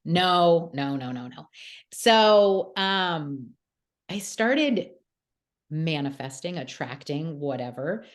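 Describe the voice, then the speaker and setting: Podcast host, young woman, low-pitched, casual storyteller, lots of um and like. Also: lively intonation, slow. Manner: chatty, storytelling, many fillers.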